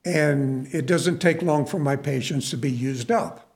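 Male preacher, middle-aged, unhurried sermon delivery, conversational asides. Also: medium pitch, a little mellow, slight background noise. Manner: conversational, self-deprecating, many asides.

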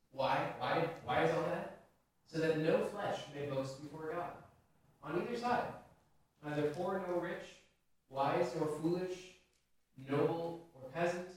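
A man's voice: on the high side, measured pace, long pauses. A male pastor preaching a sermon in a conversational way, asking the congregation questions. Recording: very echoey hall, voice from a distance.

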